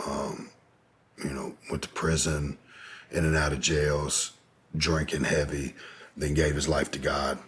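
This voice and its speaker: A man's voice: extremely low pitch, a little hiss or hum. A man telling a personal story in an interview, in a laid-back, rambling way, with lots of "you know". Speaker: podcast guest.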